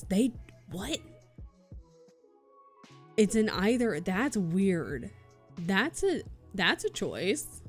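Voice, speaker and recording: A woman's voice: medium pitch, big pitch swings, extremely slow, long pauses. A woman streamer chatting casually and swearing freely while she does cross stitch and reads her chat. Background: soft background music.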